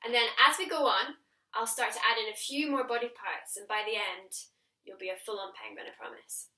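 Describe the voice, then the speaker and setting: A young woman teaching a singing lesson, encouraging her students and demonstrating warm-up lines for them to copy. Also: a little high, steady tone, fairly quick.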